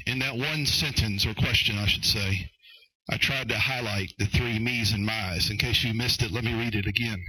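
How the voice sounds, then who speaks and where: A man delivering a sermon as pastor, his voice bright and forceful with a husky edge. He speaks emphatically, circling back on his words and calling out to the congregation. The sound is dry and close. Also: on the low side, moderate pace, no room sound, rough recording. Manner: emphatic, repeats phrases, addresses the congregation directly.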